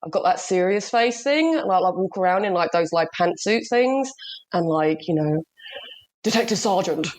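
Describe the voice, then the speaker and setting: A woman's voice: lowish voice, animated, moderate pace, a little mellow, slight background noise. Chatty woman co-hosting. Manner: chatty, laughs often, swears. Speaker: podcast co-host. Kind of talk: casual chat.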